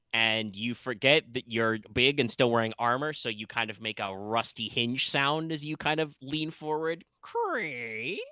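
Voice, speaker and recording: A man's voice: medium pitch, bright, forceful tone, clean tone, no echo. A man narrating a tabletop game as game master, rambling and playful with many fillers.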